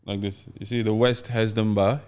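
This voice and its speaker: A man hosting a casual podcast, talking in an animated way and acting out playful mock scenes. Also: on the low side, normal speed, clean tone. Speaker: podcast host.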